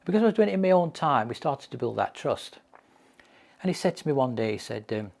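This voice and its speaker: A man's voice: medium pitch, very animated, brisk, gravelly, darkish tone. A man giving a mental health training lecture, telling case stories with emphatic repetition.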